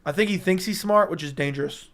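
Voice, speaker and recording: A hoarse man hosting a livestream in casual commentary, answering chat with blunt, profane banter. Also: high voice, fast talker, fairly bright tone, dry recording. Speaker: livestream host.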